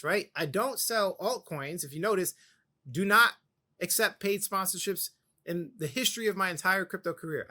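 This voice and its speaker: Urgent high-voiced man pitching crypto. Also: pushed and bright. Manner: urgent, repetitive, emphatic. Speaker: crypto channel host. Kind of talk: direct-to-camera pitch.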